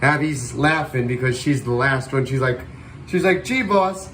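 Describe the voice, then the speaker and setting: A man hosting a livestream, calling a virtual air show in playful announcer style with loud whoops. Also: mid-range voice, steady tone, moderate pace, a little hiss or hum. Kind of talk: playful air show commentary over a flight sim stream.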